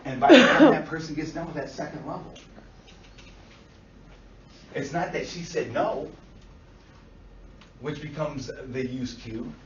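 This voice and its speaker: A man teaching a class, blunt and animated, swearing freely and acting out what clients say. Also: fairly high pitch, a little slow, pauses often, a little hiss or hum. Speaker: instructor. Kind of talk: classroom lecture. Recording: far-off echoey lo-fi classroom recording.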